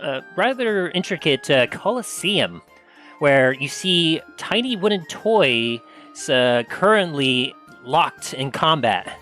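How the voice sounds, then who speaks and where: A man's voice: on the high side, big pitch swings, slow, bright, forceful tone, faint music behind. A man narrating a tabletop game as game master, rambling with many fillers.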